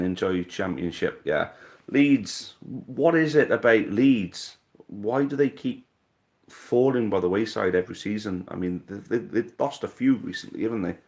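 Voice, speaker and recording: A man from Wales hosting a casual live fan stream, reading out viewer comments and answering them bluntly, with casual swearing. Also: on the low side.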